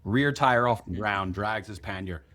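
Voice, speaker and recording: A man co-hosting a podcast, telling stories quickly and vividly with some laughter. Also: on the low side, sharp tone. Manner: fast, vivid storytelling with laughs. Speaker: podcast co-host. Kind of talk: casual chat.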